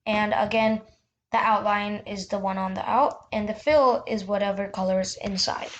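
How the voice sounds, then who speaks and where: A woman's voice: mid-range voice, steady tone, normal speed, lo-fi sound. A woman hosting a casual screen-recorded tutorial, talking loosely with restarts and little fillers. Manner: chatty, loose, with restarts and "yeah". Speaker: tutorial host.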